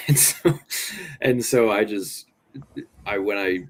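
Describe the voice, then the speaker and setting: A man's voice: lowish voice, slow, a bit bright. A man co-hosting a podcast, sharing candid, opinionated takes and laughing easily in casual movie review chat. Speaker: podcast co-host.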